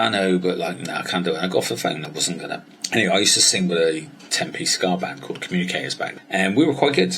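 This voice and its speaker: A low-pitched man from Somerset, England, who works as a weight-loss coach, tells a personal story candidly and with plenty of swearing. There's a little hiss or hum. He acts out both sides of conversations in animated voices.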